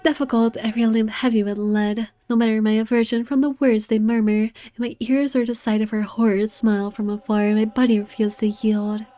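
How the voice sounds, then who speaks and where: A woman's voice: a little high, level tone, warm tone, lightly acted. A woman reading as a proud young man. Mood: brooding. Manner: measured, dramatic reading. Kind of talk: reading game narration aloud. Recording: faint game music behind.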